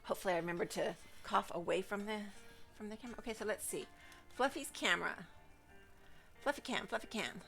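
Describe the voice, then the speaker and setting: Woman streamer, mid pitch, chatty and rambling while gaming at home, slightly stuffed-up voice. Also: fast talker, vocal fry, a bit bright, faint music behind. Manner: chatty and rambling, asides to her pet. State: allergy-stuffed voice. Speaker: game streamer. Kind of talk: casual chat while gaming.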